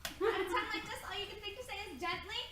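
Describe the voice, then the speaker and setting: A woman's voice: very high-pitched, fast. A woman playing a lovesick young princess on a stage, gushing and breathless. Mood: swooning. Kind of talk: amateur stage acting. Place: theater stage. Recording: echoey room from far off, noisy.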